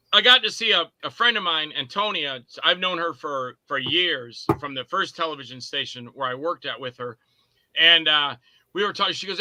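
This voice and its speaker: A man who is a guest on a podcast, casually telling animated anecdotes and acting out the voices of people he quotes. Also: high voice, no room sound, low-quality recording. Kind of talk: casual podcast chat, storytelling.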